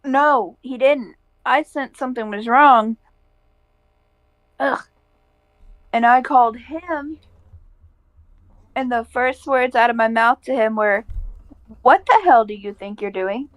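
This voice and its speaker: A woman's voice: on the high side, takes it slowly, pauses often, a bit bright, dry recording. A woman co-hosting a casual podcast, bluntly retelling a story with quoted dialogue and swearing. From American Midwest. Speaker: podcast co-host.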